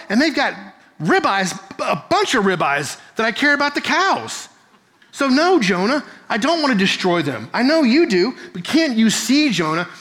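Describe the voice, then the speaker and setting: A man's voice: very high voice, fairly bright tone, pitched above the performer's own voice, full character voice. A man voicing God as a patient, pleading figure in a sermon retelling, pressing his point with repeated questions and calling the listener by name. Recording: long reverb of a large hall.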